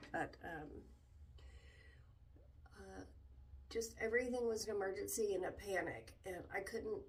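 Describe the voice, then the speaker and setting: A middle-aged woman vlogging candidly about her struggles, halting and emotional, with many restarts. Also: mid-range voice, far from the mic. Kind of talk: candid personal vlog talk.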